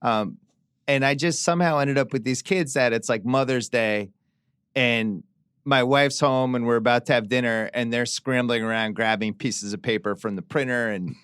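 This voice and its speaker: A man's voice: mid-range voice, normal speed, fairly bright tone, clean tone, no room sound. A middle-aged man hosting a podcast, telling anecdotes in casual chat with dry, wry humor. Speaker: podcast host.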